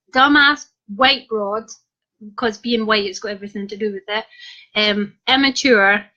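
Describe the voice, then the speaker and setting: A woman's voice: fairly high pitch, bright, forceful tone. A young Scottish woman vlogger casually telling a cheeky story to her viewers, giggling through it. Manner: giggly, cheeky, frequently breaking into laughter. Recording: dull lo-fi sound.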